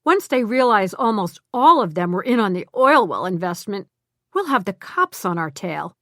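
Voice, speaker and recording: A woman's voice: mid-range voice, moderate pace, dry recording, clean studio sound. A woman voicing a boastful male ex-con swindler who crows and talks emphatically. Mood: gloating. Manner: excited, crowing and emphatic.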